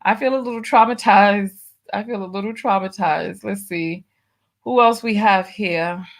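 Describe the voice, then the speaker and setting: A woman's voice: mid-range voice, moderate pace. A woman hosting a live stream in a casual chat, reading comments aloud in a drawling, exclamatory way. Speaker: host.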